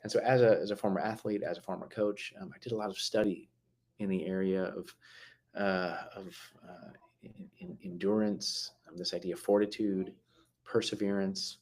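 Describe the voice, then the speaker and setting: A man hosting a live mental health talk, conversational, with many fillers and restarts, slowing down to stress key words. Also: low-pitched, fairly even intonation, darkish tone.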